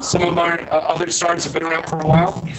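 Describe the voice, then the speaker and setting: A man's voice: completely flat delivery, quick pace, crowd noise, rough recording. A man hosting a live panel talk show, joking and teasing his guests. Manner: joking, teasing, wildly swinging pitch.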